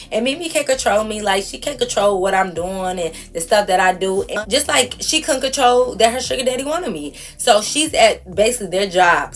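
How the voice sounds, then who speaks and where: Woman vlogger, mid-pitch, lively and exasperated storyteller, faint music underneath. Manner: animated, exasperated, slangy. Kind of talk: casual storytime vlog.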